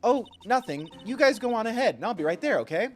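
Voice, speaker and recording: A man's voice: high-pitched, very animated, fast talker, voice pushed up. A man voicing a cheerful young woman in a breezy, slightly raised voice, reading game dialogue.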